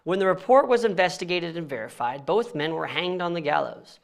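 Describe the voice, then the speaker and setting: A young Bible study teacher reads scripture aloud in church and teaches it casually, often stumbling over names and laughing at himself. His voice is fairly high, expressive and creaky, and he moves briskly.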